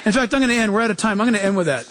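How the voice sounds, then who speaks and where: A male pastor preaching a lively sermon, acting out quoted voices and chuckling as he goes. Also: high voice, rapid-fire, some chatter behind, slight background noise.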